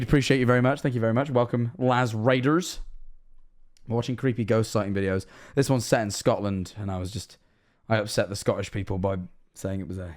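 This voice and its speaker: A young man from England with an English accent, chatting casually on a livestream, rambling, joking and swearing. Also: on the low side. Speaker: streamer. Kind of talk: casual livestream reaction chat.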